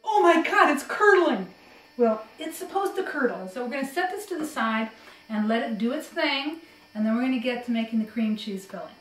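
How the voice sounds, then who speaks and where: A woman gives a chatty, homey cooking demonstration, her voice sitting a little high. She is recorded in an echoey kitchen, set back from the mic. Faint kitchen clatter plays underneath. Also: expressive, brisk. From Connecticut. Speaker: home cook. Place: home kitchen. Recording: roomy kitchen echo, mic at a distance.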